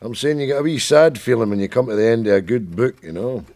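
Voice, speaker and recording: A man's voice: fast talker, natural voice. A man playing a grumpy old Scotsman. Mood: bickering. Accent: Scottish. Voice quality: grumbling, bickering, lively pitch. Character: grumpy old Scottish man named Jack. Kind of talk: sketch comedy acting.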